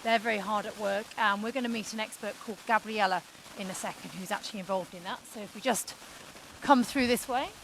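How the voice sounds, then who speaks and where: A woman's voice: medium pitch, fairly quick, creaky, a bit bright, slight background noise, poor audio. A woman presenting a live broadcast, upbeat and chatty as she guides viewers on a walk through a busy mission-control building.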